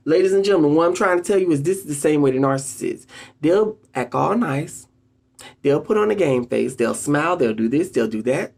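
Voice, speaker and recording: A video host giving casual motivational advice to viewers, an animated storyteller who keeps addressing the audience directly with emphatic, drawn-out phrases. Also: medium pitch, creaky. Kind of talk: casual motivational talk to camera.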